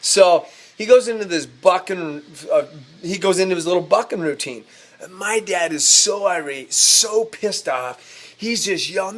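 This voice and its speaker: Man, rodeo cowboy, folksy storytelling, animated, slightly high voice. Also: a little slow. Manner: folksy, animated, self-amused. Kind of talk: casual spoken storytelling.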